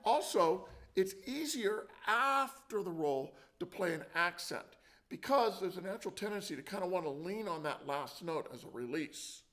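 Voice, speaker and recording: A man's voice: high voice, expressive, normal speed, hardly any pauses, music in the background. A man teaching a percussion lesson, explaining and counting out drum rhythms. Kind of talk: instructional demonstration. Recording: loud drumming and clicks behind.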